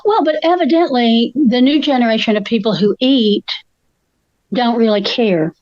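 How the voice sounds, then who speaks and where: A woman's voice: fairly high pitch, moderate pace, no echo, muffled recording. An older woman, a co-host telling stories in casual chat, feisty and acting out the voices of the people she quotes.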